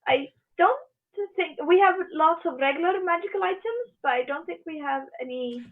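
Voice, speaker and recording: A woman playing in a tabletop game, talking in a halting, giggly way. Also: extremely high pitch, expressive. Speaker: player. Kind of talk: casual table talk. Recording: tinny remote call audio from a distance.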